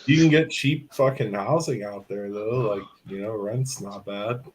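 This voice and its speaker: A man's voice: lowish voice, measured pace, darkish tone, slight background noise, poor audio. A man in casual chat, telling long, rambling stories full of swearing and fillers. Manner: rambling, profane storytelling with frequent fillers. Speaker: podcast host.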